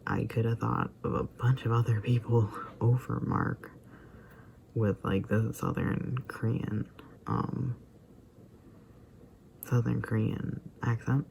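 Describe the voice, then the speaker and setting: A man's voice: medium pitch, steady tone, slow, creaky, pauses often, darkish tone, slight background noise. A man giving casual, rambling commentary on a video he watched, with lots of fillers and asides that drop almost to a whisper. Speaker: vlogger reacting to a video.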